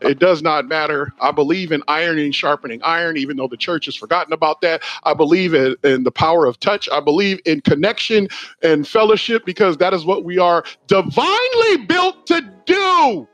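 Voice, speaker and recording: A man who is a pastor, hosting a sermon-like podcast in an animated, preachy way with asides to his listeners. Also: fairly high pitch, brisk, dry recording, rough recording.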